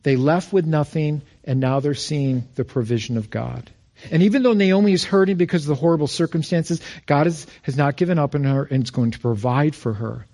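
A male pastor preaching a sermon, telling stories with emphasis and going quiet on key phrases. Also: fairly high pitch. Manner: storytelling, quotes others in lively voices.

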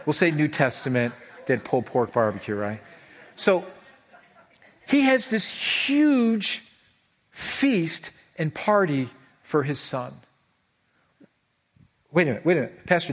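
A middle-aged man preaching a sermon as pastor, animated, with his voice leaping high for emphasis and slowing right down on key words. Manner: animated, voice leaps high for emphasis, drawn-out slow stresses.

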